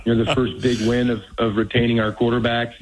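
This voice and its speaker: A man, a college football head coach, talking earnestly on a radio call, halting with many restarts. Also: medium pitch, flat delivery, a little hiss or hum. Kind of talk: phone-in radio interview. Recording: tinny phone line.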